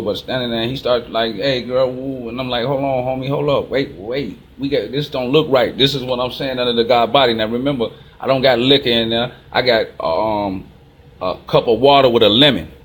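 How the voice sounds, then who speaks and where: A channel host with a Chicago accent gives a rambling, casual monologue, telling stories quickly and acting out both sides of each exchange. His voice is medium in pitch and a bit bright.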